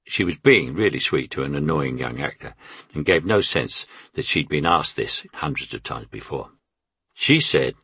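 An older man reads his memoir in a deep, husky voice, wry and anecdotal. The sound is dry and close, with no room around it. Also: lively intonation, normal speed, pushed and bright, no echo. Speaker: memoir narrator. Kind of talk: memoir audiobook narration.

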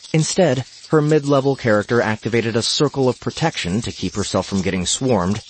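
A man reading a fantasy gaming story aloud in a steady narrating voice. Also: fairly low pitch, a little hiss or hum.

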